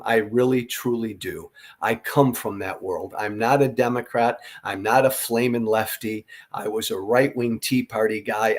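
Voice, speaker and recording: A tired middle-aged man hosting a political commentary monologue, earnest, emphatic and blunt, with occasional profanity. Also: fairly low pitch. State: tired from no sleep. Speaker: podcast host.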